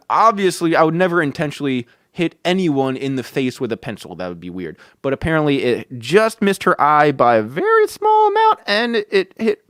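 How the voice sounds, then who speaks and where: A man's voice: fairly high pitch, a bit bright, no echo, studio quality. A man hosting a podcast who tells a story in a casual way, with many fillers and free swearing. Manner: chuckling, swears freely, filler-heavy. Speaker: podcast host.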